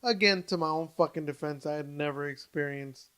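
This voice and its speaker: A man's voice: on the high side, a little fast, smooth. A young adult man co-hosting a podcast, telling a story in casual chat, swearing freely and stumbling over his words. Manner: animated, swears freely, many restarts and fillers. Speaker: podcast co-host.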